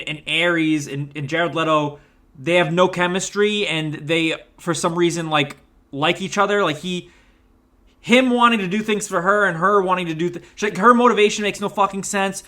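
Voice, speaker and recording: A man's voice: high-pitched, pushed and bright. A man ranting through a movie review, exasperated and swearing, stumbling over restarts and repeated words. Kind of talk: rambling rant review.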